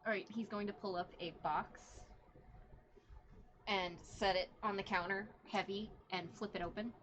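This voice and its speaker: A woman's voice: medium pitch, steady tone, moderate pace, fairly bright tone, muffled recording, slight background noise. A woman running a tabletop game as game master, narrating in a casual, chatty way.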